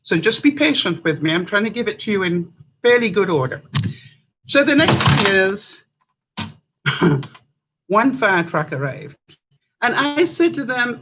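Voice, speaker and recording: A woman's voice: medium pitch, expressive, a little slow, pauses often, fairly bright tone, a little hiss or hum, rough recording. An older woman from Canada, telling a story to camera in a chatty way, laughing often and acting out what others said. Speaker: vlogger.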